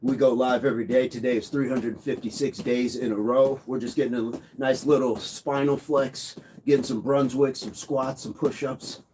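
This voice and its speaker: Man at a medium pitch, hosting a live workout and greeting chat by name, with a faint hiss behind him. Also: steady tone, moderate pace, few pauses, darkish tone. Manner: counts reps aloud, greets viewers by name. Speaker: fitness livestream host.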